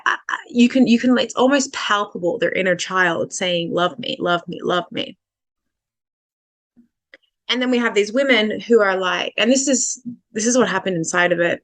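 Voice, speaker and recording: A woman's voice: mid-range voice, vocal fry, fairly bright tone, no room sound. A woman relationship coach explaining dating behaviour in a casual, conversational way, with fillers and restarts, stretching out her key points.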